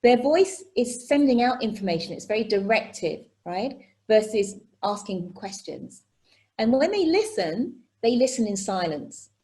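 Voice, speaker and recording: A woman's voice: fairly high pitch, big pitch swings, measured pace, warm tone. Woman running an online workshop on a video call, chatty, keeps asking okay? right?. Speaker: workshop presenter. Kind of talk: live online workshop teaching.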